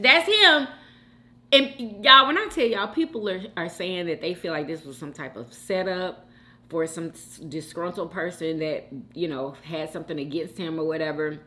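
A woman hosting a mukbang, chatting casually and animatedly with viewers and reading their comments. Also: lowish voice. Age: adult mother. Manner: chatty, animated, often calls listeners "girl" and "y'all".

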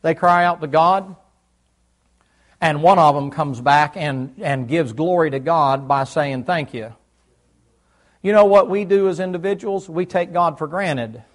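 A middle-aged pastor from the American South preaches a folksy sermon in church, quizzing his listeners as he goes. His voice is a little high and his pace measured.

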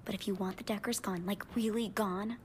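An actress playing a paranoid young female hacker ally in a video game, with a dry, clipped, deadpan delivery. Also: medium pitch, fairly quick, slight background noise, natural voice. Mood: wary. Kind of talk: video game cutscene dialogue.

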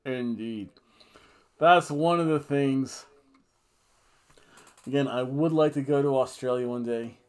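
A man's voice: mid-range voice, slow, pauses often, a little mellow, smooth. Rambling, tipsy man. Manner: jokey, rambling, breaks into goofy singing and chants. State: a bit tipsy from wine. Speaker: podcast co-host reviewing wrestling. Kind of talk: casual rambling review.

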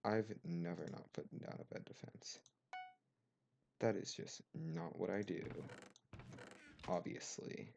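A man's voice: low voice, steady tone, slow, gravelly, long pauses, highs cut off, noisy background. A young man commentating his game with sarcastic, mock-offended rants on a cheap desk mic. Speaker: gamer. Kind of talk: gameplay commentary.

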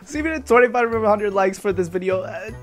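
Animated, profane male YouTuber reading aloud. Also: high voice, a little fast, soft background music. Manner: profane, animated asides between read lines. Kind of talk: casual reading with reactions.

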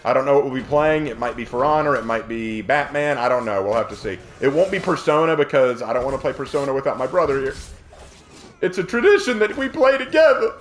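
A man's voice: medium pitch, fast, few pauses, a little hiss or hum. A man with a Southern US accent chatting casually on a game stream and telling stories. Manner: animated, chatty storyteller. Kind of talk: casual stream chat and storytelling.

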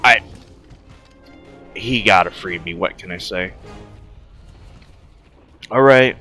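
A man giving excited, jokey commentary as he plays a video game, swearing, yelling and chanting through the fights. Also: sits low, slow pace, faint music behind. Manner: loud, jokey, swears a lot, yells and chants during fights. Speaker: gaming streamer.

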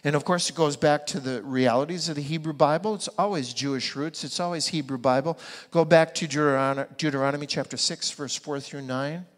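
A man's voice: on the high side, a little fast. A man preaching a sermon as pastor, asking the congregation rhetorical questions and pressing his points with emphasis. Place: church sanctuary. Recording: long reverb of a church hall.

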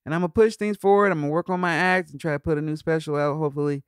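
A man talking loosely into a close podcast mic, rambling and cursing in an easygoing way. His voice sits fairly high for a man and comes through smooth and resonant. The sound is dry, with no room echo. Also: steady tone, racing. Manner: laid-back, rambling, swears freely; bursts into high laughs. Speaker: podcast host. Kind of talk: casual solo monologue.

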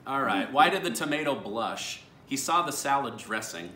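A man's voice: medium pitch, expressive, normal speed, pushed and bright, echoey room, a little hiss or hum. A man hosting a family video, reading dad jokes aloud and laughing at his own punchlines. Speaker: YouTube host reading viewer dad jokes. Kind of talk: casual family vlog.

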